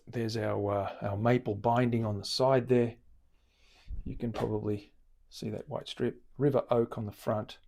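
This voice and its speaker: Hosting a casual live-stream demonstration in his guitar workshop, this Australian luthier talks a little slowly with some vocal fry at a medium pitch. He keeps it relaxed and conversational, narrating while he works.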